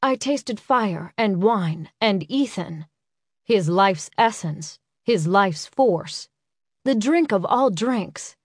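A woman's voice: medium pitch, no room sound, studio quality. Woman narrating an intimate audiobook. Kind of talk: first-person romance audiobook narration.

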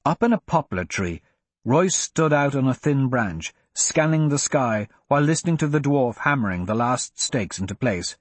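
Husky, lively male audiobook narrator. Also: mid-range voice, moderate pace, no echo.

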